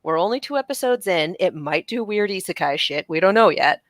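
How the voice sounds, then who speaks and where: Lively, animated American woman. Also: lowish voice, fairly quick, dry recording. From United States. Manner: animated, acts out quotes with laughs. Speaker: podcast co-host. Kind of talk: casual chat.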